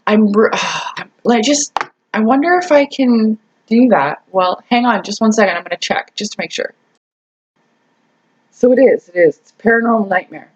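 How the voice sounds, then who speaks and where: A woman's voice: fairly high pitch, moderate pace, lo-fi sound. A woman vlogger telling a casual story to camera, chatty and laughing often, with many restarts.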